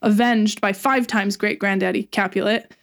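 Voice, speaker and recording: A woman's voice: medium pitch, steady tone, moderate pace. A woman casually retelling a play's plot in a chat, with laughs and irreverent asides. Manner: chatty, laughing, paraphrases lines irreverently. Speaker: podcast co-host retelling a play.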